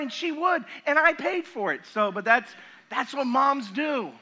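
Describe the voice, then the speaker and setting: Middle-aged man, pastor, sermon, conversational storytelling, high pitch. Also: expressive, moderate pace, pushed and bright, slightly rough. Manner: conversational storytelling with acted asides.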